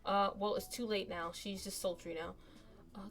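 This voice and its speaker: A woman's voice: medium pitch, fairly even intonation, normal speed, a bit bright. Chatty woman streamer reading a game aloud. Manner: reads the story aloud, chatting and laughing in between. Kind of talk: casual game let's play narration.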